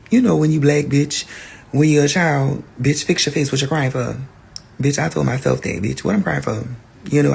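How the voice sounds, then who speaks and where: A podcast host telling a personal story in a candid, profane, animated way. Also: male voice, medium pitch, vocal fry, a little hiss or hum.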